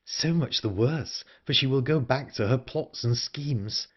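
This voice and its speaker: A man's voice: mid-range voice, measured pace, breathy edge, highs cut off, voice pushed up. A man voicing an earnest, anxious young woman in an audiobook, urgent and pleading. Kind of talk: audiobook character reading.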